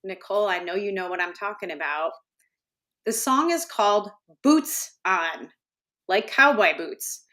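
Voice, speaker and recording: A middle-aged woman, co-hosting a casual livestream chat and telling family stories with lively laughter. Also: medium pitch, a little slow. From Wisconsin. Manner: storytelling, animated, laughs at her own stories. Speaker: co-host.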